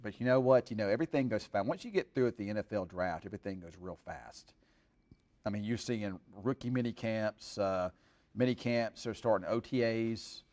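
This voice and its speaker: A man's voice: fairly low pitch, moderate pace, darkish tone. A middle-aged man chatting casually on a live stream in a rambling, folksy way, full of fillers. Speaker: weather streamer.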